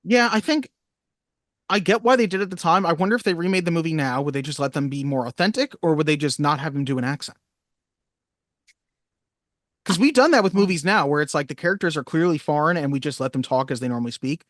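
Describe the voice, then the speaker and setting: Man, movie podcast co-host, quick delivery, dry close sound. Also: fairly high pitch, lively intonation, a bit bright, dry recording. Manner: reads trivia facts briskly. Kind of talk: casual movie podcast chat.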